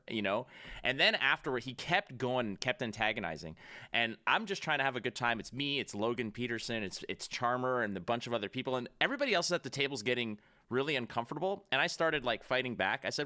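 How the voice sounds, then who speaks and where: A man's voice: mid-range voice, quick pace. A man in casual podcast chat, telling a story and acting out the back-and-forth. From Canada. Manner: animated storyteller acting out dialogue.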